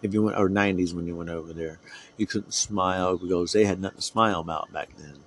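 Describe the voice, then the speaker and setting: A man's voice: sits low, fairly even intonation, fast talker, slight background noise. A middle-aged man from the United States, hosting a podcast and ranting in a heated, profane, rambling way. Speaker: podcast host. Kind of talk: solo podcast rant.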